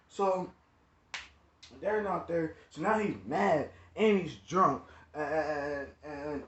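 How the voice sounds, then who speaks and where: A man's voice: a little high, slow. A young man telling a rambling, slangy story, full of "like" and "you know what I'm saying.". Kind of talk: casual storytime. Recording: echoey room, dull lo-fi sound, faint noise.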